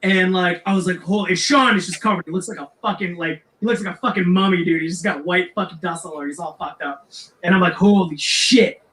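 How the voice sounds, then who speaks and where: Bright, high-voiced man swearing through a story. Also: quick pace. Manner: profane, rambling, animated. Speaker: podcast guest, metal singer. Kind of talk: casual storytelling chat. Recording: echoey room.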